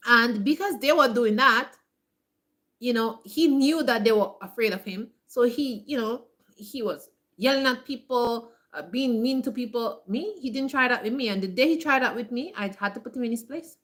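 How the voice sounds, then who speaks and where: Emphatic woman with a bright voice. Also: fairly high pitch. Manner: emphatic, repeats herself, many fillers like "like"; acts out other people's voices in quick asides. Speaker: homesteading vlogger. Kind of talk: casual motivational talk to viewers.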